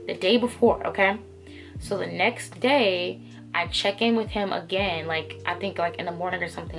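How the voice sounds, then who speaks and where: A woman's voice: lowish voice, moderate pace, vocal fry, faint music behind. A young woman telling a personal story in a casual storytime vlog, candid and profane, full of fillers and quoted dialogue. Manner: candid, profane, animated retelling with many fillers.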